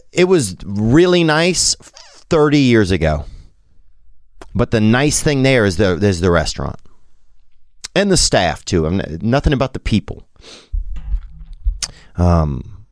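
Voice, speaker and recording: A man's voice: lowish voice, no room sound, clean studio sound. A man in his thirties with a Southern American accent, telling a rambling, self-deprecating story in a casual monologue.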